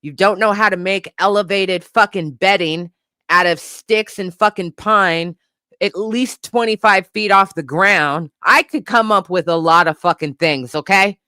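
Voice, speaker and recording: Woman, comedic podcast rant, profane, slow deliberate delivery, bright tone. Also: mid-range voice, clean tone, no echo, clean studio sound. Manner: profane, animated ranting with frequent laughter. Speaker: podcast co-host. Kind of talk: casual comedic commentary.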